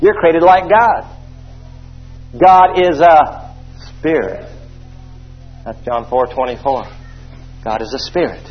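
A man's voice: on the high side, takes it slowly, pauses often, slightly rough, highs cut off, soft background music. A man preaching a sermon with emphatic delivery, leading the congregation in call-and-response and sprinkling in hallelujahs and amens.

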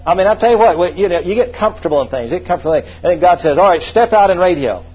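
A man's voice: high-pitched, lively intonation, rapid-fire, slightly rough, lo-fi sound. A man preaching a sermon, emphatic and repetitive, calling on the congregation to repeat phrases back to him.

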